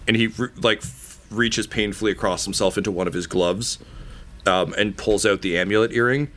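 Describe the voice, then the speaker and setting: Male game master narrating a tabletop game; low voice, hesitant delivery full of fillers, swears casually. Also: a little slow, bright, forceful tone.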